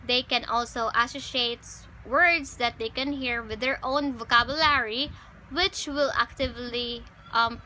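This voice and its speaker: A woman's voice: on the high side, pushed and bright, slight background noise, rough recording. A young woman giving a class report, explaining teaching strategies step by step with frequent ums and self-corrections. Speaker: student presenter.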